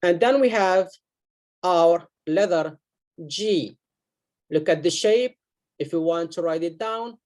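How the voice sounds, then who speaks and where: Slow, deliberate male reading teacher. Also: fairly high pitch, a little mellow. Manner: slow, deliberate, repeats sounds for learners. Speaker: Arabic teacher. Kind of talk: beginner reading lesson.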